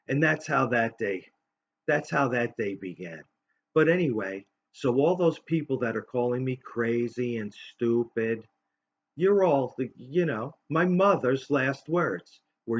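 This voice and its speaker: A man in his fifties hosting a show, telling a personal story in a halting, rambling way full of fillers and restarts. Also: medium pitch, expressive, dull audio. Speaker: host.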